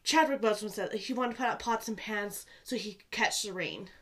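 A young woman co-hosting a podcast in casual chat, rambling with lots of "like" and swinging between excited bursts and quiet asides. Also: mid-range voice, brisk. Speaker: podcast co-host.

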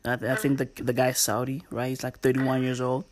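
A woman's voice: very deep voice, level tone, brisk, darkish tone. A woman hosting a casual comedy chat, loose and profane, full of slang and rambling asides.

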